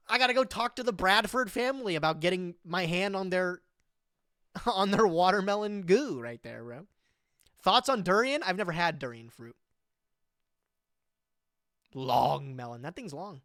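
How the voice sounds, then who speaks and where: On a live stream, a streamer in their twenties chats with animated, slang-heavy energy, saying "bro" a lot while reading web text aloud and commenting on it. The voice is mid-range at a moderate pace with long pauses, recorded dry in studio quality.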